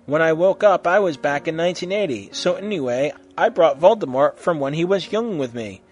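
A man's voice: fairly high pitch, expressive, a little fast, close to an everyday voice. Man doing a flippant gothic vampire boy.

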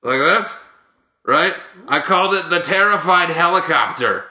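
A man playing an older male ex-ballplayer who tells rambling, boastful, made-up stories in a deadpan way. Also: on the high side, measured pace, echoey room, voice pushed up, exaggerated voice.

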